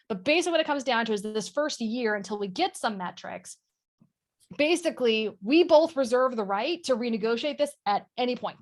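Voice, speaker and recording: Brief: candid woman on a call, slightly high voice, quick and blunt. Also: animated. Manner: frank, fast, swears casually. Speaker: guest sales leader. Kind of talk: casual panel chat.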